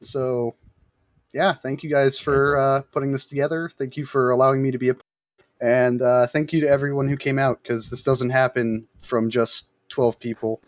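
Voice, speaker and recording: A man's voice: medium pitch, flat delivery, moderate pace, no room sound, dull audio. A man speaking as a pilot guest over voice chat, hesitant with many fillers. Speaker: pilot guest in a game community. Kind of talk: casual voice chat.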